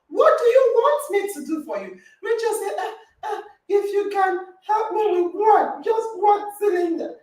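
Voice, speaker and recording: A woman hosting an online podcast call, telling a story with animated reenacted dialogue and laughter. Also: very high-pitched, far from the mic. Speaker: podcast host. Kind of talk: lively online group call chat. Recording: roomy echo, voice from off-mic.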